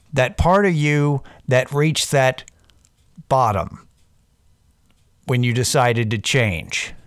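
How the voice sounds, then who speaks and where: A man's voice: medium pitch, no echo. A man talks straight into a close mic in a dry, dead room. He speaks in a middle register, rambling and self-deprecating, swearing freely as he wanders off topic and back while coaching listeners through a sobriety pep talk. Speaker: podcast host.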